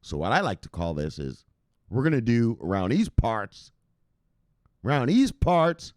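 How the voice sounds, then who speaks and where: A man hosting a crypto news channel, ranting to his viewers in a profane, theatrical way that swings from loud shouts to muttered asides. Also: fairly low pitch, big pitch swings, moderate pace, dry recording, studio quality. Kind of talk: fired-up rant to viewers.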